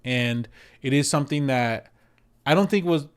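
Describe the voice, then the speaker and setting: A man who works as a real estate agent, giving casual advice to camera in an animated way, repeating words for emphasis and acting out quotes. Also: medium pitch, moderate pace, clean tone. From United States.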